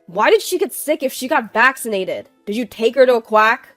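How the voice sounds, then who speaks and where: A smug, belittling husband speaks in short, dismissive lines, put on by a woman narrator. The voice sits fairly high, and the sound is dry and close. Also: lively intonation, normal speed, no room sound, soft background music, close to an everyday voice. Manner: dismissive, curt. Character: arrogant belittling middle-aged husband.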